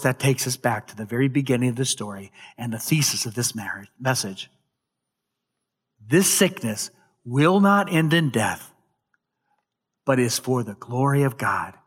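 A male pastor preaching a sermon, retelling a scripture story with dramatic emphasis and occasional loud peaks. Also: mid-range voice.

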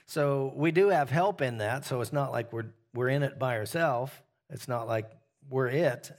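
Man teaching scripture to a small group. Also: medium pitch. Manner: asks the group questions, frequent "uh" fillers. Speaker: pastor teaching a Bible study. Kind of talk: conversational Bible teaching.

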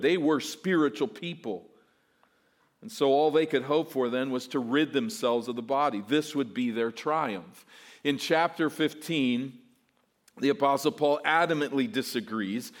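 A pastor preaching an expository sermon, emphatic and voicing imagined objections. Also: male voice, a little high. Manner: emphatic, voices mock objections.

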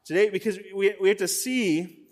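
A man preaching a sermon as a guest pastor, with a voice pitched a little above most men's. He talks to the congregation in a direct, conversational way. He often stumbles over and repeats short words as he goes. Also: normal speed. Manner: frequent word repeats and restarts.

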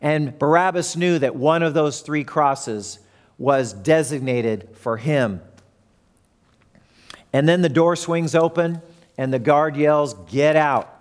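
A man's voice: a little high, slow. A man preaching a sermon who retells the story and acts out the crowd and characters.

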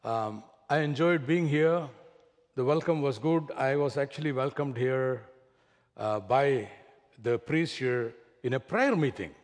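A man from South India with an Indian accent, a visiting bishop opening his sermon with gentle self-deprecating humor. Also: mid-range voice, unhurried. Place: church sanctuary. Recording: reverberant church hall.

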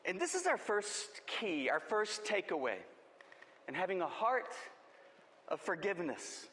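A man preaching a sermon, telling the story dramatically and acting out the quoted lines, swinging between booming and hushed. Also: very animated, a little slow, slight background noise. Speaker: pastor. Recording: long hall reverb.

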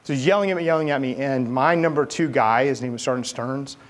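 A middle-aged man preaching a sermon from the United States, talking in a relaxed, conversational way and telling a personal story with lively delivery. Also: fast talker. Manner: conversational, animated storytelling with rising pitch in quoted dialogue. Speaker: pastor.

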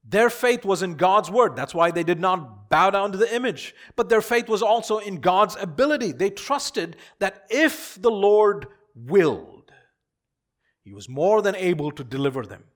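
Pastor, male, fairly high voice, emphatic sermon delivery with hushed-to-loud swings and repeated lines. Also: animated, unhurried.

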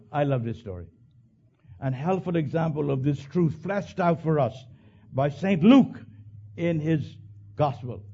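A male pastor preaching a sermon, swinging from hushed low lines to loud high bursts. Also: vocal fry, slightly rough, highs cut off.

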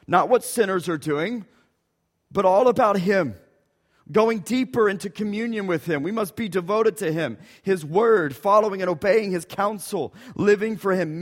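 A man preaching a sermon with impassioned, pleading emphasis as he voices prayers. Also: high voice. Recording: long reverb of a hall.

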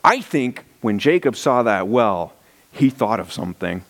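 A man's voice: lowish voice, very animated, measured pace, fairly bright tone. A male pastor preaching a sermon, telling the story with animation and reading scripture aloud.

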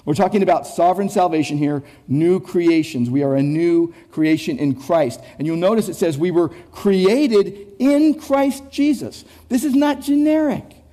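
At a normal speed and with few pauses, a pastor preaches an expository sermon in a notably high, soft, mellow voice. Repeated phrases carry his emphasis, he often restarts words mid-thought, and he asks his listeners questions directly.

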